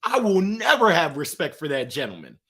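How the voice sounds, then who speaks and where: A middle-aged man with a fairly high voice tells stories with lots of energy. His pitch jumps around a great deal as he acts out the other people in his stories, in an animated, engaging way. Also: moderate pace, slightly rough. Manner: lively, acts out voices in anecdotes. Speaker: guest. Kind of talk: animated storytelling.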